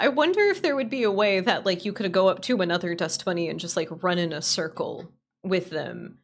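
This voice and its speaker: A woman streamer chatting casually with her viewers, rambling and animated, laughing often and swearing freely. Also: mid-range voice, moderate pace.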